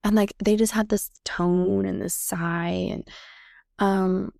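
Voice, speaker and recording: Chatty woman with a gravelly edge. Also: mid-range voice, steady tone, slow pace, long pauses, a little mellow, no room sound, studio quality. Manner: chatty, reenacts quoted dialogue. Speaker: podcast host. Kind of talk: casual storytelling monologue.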